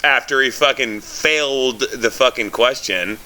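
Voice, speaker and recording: Excitable, bright-voiced man telling stories. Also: medium pitch, unhurried. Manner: excitable storyteller, swears, many fillers. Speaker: co-host. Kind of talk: casual chat.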